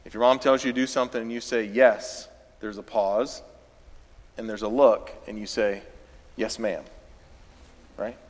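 A man's voice: mid-range voice, steady tone, a little fast. A man from the South, a pastor preaching a sermon in a conversational way that rises into emphatic bursts. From American South. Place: church sanctuary. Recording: church hall with long reverb.

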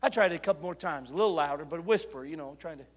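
A middle-aged male preacher delivering a sermon, moving between quiet personal storytelling and loud, impassioned exhortation. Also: fairly high pitch, very fast.

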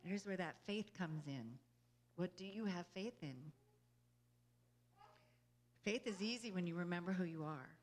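An animated woman with a voice on the low side speaks a little slowly, leaving long pauses, as she gives an inspirational talk to a group. The spiritual speaker is earnest and conversational, frequently asking "you know?" and laughing easily between her thoughts.

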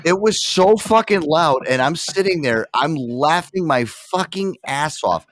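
A man's voice: on the high side, measured pace, a little hiss or hum. A man casually telling a crude story with lots of swearing, as a podcast co-host. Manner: lively, swearing, laughing storyteller.

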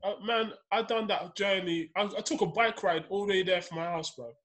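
A man's voice: high voice, brisk, fairly bright tone. A young man telling a rambling, slangy story in a casual chat among friends.

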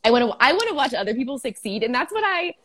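A woman's voice: high voice, very animated, quick pace, a bit bright, slight background noise. Chatty young woman, laughing often. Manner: chatty, laughing, many "like" fillers. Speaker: food truck owner. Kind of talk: casual interview chat.

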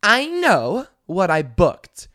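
A man voicing an entitled, angry woman passenger, loud and drawn-out. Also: sits high, huge pitch swings, full character voice. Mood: indignant.

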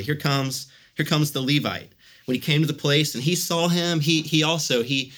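Conversational male pastor, bright forceful tone, animated storytelling sermon. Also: mid-range voice.

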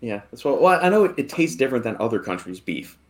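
An American man hosting a podcast, relaxed and easygoing, asking questions and wrapping up the show. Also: medium pitch, fast. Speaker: podcast host. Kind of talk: casual podcast chat.

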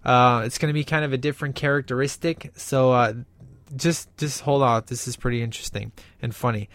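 A man hosts a casual podcast, reading a listener's email aloud while talking with lots of fillers. His mid-range voice is steady, fairly quick and a bit bright. He sounds enthusiastic and rambles.

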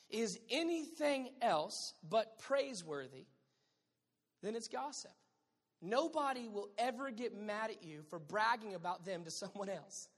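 Emphatic woman preaching in an echoing hall. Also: medium pitch. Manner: emphatic, conversational with playful asides. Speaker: pastor. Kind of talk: sermon.

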